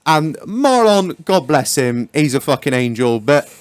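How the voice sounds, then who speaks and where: A man's voice: fairly high pitch, unhurried, no echo, clean studio sound. Sweary man telling stories on a podcast. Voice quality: sweary, animated storyteller who acts out his own lines. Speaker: podcast host. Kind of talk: casual chat.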